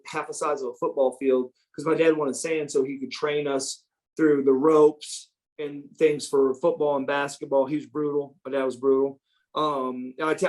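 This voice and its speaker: A middle-aged man, an interview guest, telling stories in a casual, animated way, repeating words and acting out quotes. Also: on the high side. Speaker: interview guest, former pro wrestler. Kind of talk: casual storytelling.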